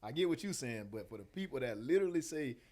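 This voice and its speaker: A man's voice: medium pitch, animated, fast, mellow. A young man co-hosting a casual podcast, laid-back and asking teasing questions. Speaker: podcast co-host.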